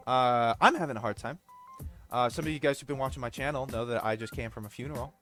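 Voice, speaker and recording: A man's voice: mid-range voice, fast talker, fairly bright tone, soft background music. A man commenting over gameplay footage, ranting bluntly, swearing freely and explaining himself at length. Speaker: gaming video creator.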